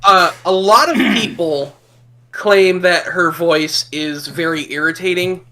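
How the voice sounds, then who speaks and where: A man's voice: high-pitched, slow pace, pushed and bright. A man co-hosting a casual podcast chat, earnest and stammering on restarts. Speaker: podcast co-host.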